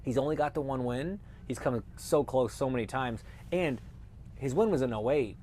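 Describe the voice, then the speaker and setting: Chatty man, former race driver, animated. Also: medium pitch, moderate pace, slight background noise. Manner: animated storyteller who acts out quotes. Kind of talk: casual interview chat.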